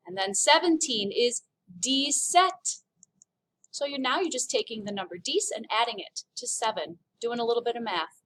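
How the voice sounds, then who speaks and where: A woman with a fairly high voice teaches a recorded French lesson at an unhurried pace. She speaks clearly and encouragingly, slipping in small jokes as she goes. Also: a bit bright, low-quality recording.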